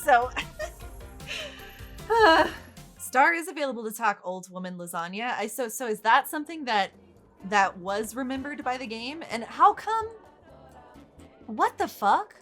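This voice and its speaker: A woman's voice: fairly high pitch, sing-song, a little slow, pauses often, fairly bright tone, soft background music. A woman hosting casual gameplay commentary, exasperated, swearing freely and laughing often. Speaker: gaming channel host.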